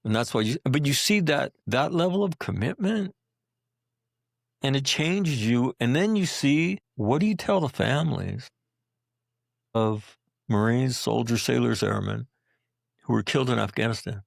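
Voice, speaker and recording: A middle-aged American combat veteran speaking bluntly and with profanity as a podcast interview guest. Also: male voice, medium pitch, expressive, measured pace, gravelly, no echo, clean studio sound.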